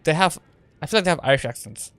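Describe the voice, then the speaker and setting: A man's voice: fairly high pitch, expressive, quick pace, fairly bright tone, clean tone, no echo. A man giving casual gameplay commentary as a streamer, rambling and chatty with lots of fillers. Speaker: game streamer.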